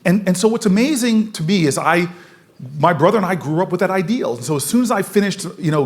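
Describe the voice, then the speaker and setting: A man in his forties from the United States giving an energetic storytelling speech at a forum, laughing often as he moves around the room. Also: a little high, quick pace. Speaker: political speaker at a forum.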